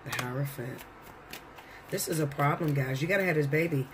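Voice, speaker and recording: A man's voice: fairly high pitch, brisk, background noise. A man giving a casual tarot reading to his viewers, blunt and profane, lecturing them. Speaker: tarot reader.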